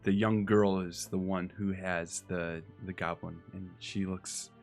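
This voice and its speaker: A young man narrating a tabletop game as dungeon master, halting with many fillers. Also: low-pitched, little pitch movement, faint music behind.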